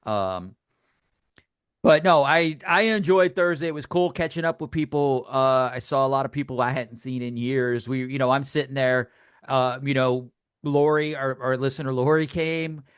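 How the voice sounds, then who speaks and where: In a dry, studio-quality recording, an older male podcast co-host chats casually, animatedly acting out quotes while telling stories. He speaks in a clean, mid-range voice at a moderate pace.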